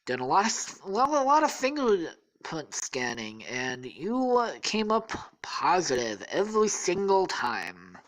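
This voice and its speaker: A podcaster voicing a gruff male police officer who swears offhandedly while making an arrest. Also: mid-range voice, wildly swooping pitch, unhurried, hardly any pauses, fairly bright tone, rough recording. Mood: matter-of-fact. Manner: profane, offhand.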